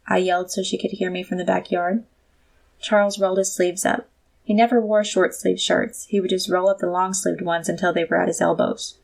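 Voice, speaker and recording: Audiobook narrator, woman, low voice with a gravelly edge. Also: level tone, a little fast. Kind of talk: first-person audiobook narration.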